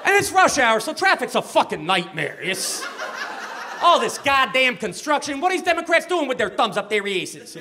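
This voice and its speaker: A man's voice: extremely high pitch, big pitch swings, moderate pace. A man putting on a griping Midwestern killer with a thick Chicago accent, who rambles casually about traffic.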